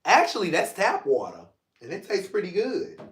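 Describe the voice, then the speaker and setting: A high-voiced man hosting his own talk show, loose and joking, then turning earnest. His tone is bright and ringing. The room around him echoes. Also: moderate pace. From St. Louis, Missouri. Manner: animated, joking, drifts between playful and emotional. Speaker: podcast host. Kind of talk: casual solo livestream talk.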